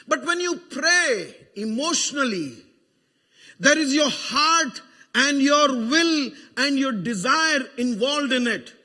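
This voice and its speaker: A man with a Malayali accent preaching an emotional sermon as pastor, building to fervent shouted prayer. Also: very high voice, lively intonation, takes it slowly. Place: church sanctuary. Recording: long church reverb.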